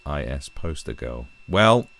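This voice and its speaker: A man's voice: a bass voice, very animated, takes it slowly, creaky, a bit bright. A man giving casual video commentary as an online host, sarcastic and rambling, with swearing along the way.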